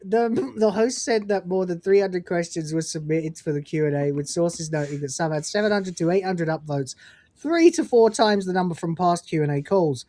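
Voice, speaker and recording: A low-voiced English woman co-hosting a live stream, reading news and then giving her own blunt, profane opinions with bursts of laughter. Her voice sounds dry and close, with no room around it. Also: animated, normal speed, warm tone, no room sound. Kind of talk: casual chat with reading of news items.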